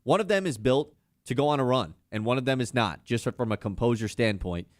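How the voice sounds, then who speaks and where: A man talks sports on a radio show in a lively, casual back-and-forth. His voice sits at an ordinary pitch. It is close and dry, with no room sound. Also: brisk, no echo. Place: radio studio.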